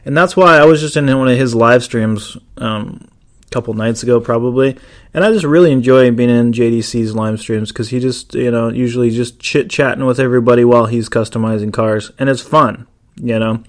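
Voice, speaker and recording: A man's voice: mid-range voice, fairly even intonation, a little fast. A man hosting a casual solo podcast, rambling with lots of ums and restarts. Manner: rambling, many fillers and restarts. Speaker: podcast host.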